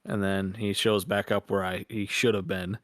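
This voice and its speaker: A young man with a lowish voice, chatting casually as a podcast co-host. He rambles through crude work stories and swears freely. The sound is close and dry. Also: little pitch movement, normal speed, no room sound. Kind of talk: casual chat.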